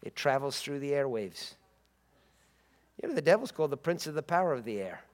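A man's voice: medium pitch, expressive, brisk, long reverb tail. A man preaching a sermon with emphatic, repetitive phrasing and rising bursts.

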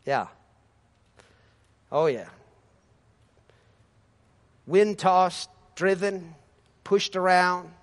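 A man preaching a sermon as pastor, fervent and building to shouts of praise. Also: sits high, animated, extremely slow, pauses often.

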